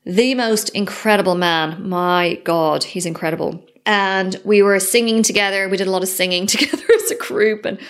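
A woman's voice: mid-range voice, fairly even intonation, moderate pace, few pauses, smooth. A woman hosting a solo podcast, speaking candidly and effusively and swearing casually. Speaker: podcast host.

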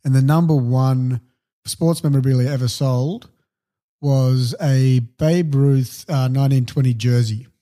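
A man's voice: medium pitch, steady tone, measured pace, warm tone. A man co-hosting a podcast, casual, with dry, wry remarks. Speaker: podcast co-host. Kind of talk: casual chat.

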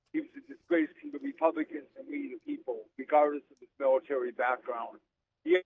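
A man's voice: a little high, vocal fry. A man calling a talk radio show, blunt and indignant in his comments. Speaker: caller. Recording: phone line with faint noise.

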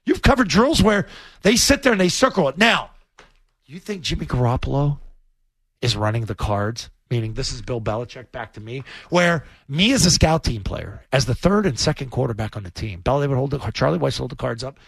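Animated former quarterback on sports radio. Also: male voice, medium pitch, brisk, creaky, husky, dry recording. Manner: animated, blunt, swears casually.

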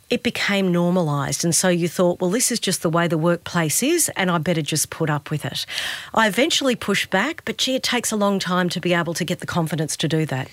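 A middle-aged Australian woman speaks as a podcast guest with a fairly low voice. She talks reflectively and tells stories, acting out the lines of people she quotes. The sound is dry and close. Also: no room sound. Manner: reflective storyteller, acts out quoted dialogue. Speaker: guest, journalist. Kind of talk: podcast interview.

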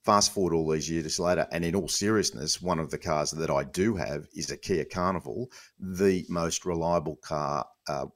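Male co-host, deep voice, dry chatty manner. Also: moderate pace, hardly any pauses, a bit bright. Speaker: podcast co-host. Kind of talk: casual sports chat.

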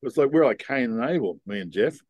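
An older man being interviewed, telling long rambling stories in a relaxed, casual way. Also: mid-range voice, quick pace, slightly rough, no echo. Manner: laid-back rambling storyteller. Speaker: guest.

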